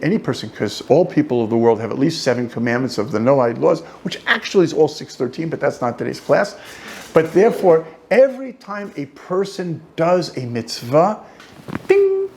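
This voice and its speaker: A man teaching an informal class as a rabbi, an animated storyteller who jokes and goes off on asides. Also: a little high, slight background noise. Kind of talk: informal lecture. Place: study hall.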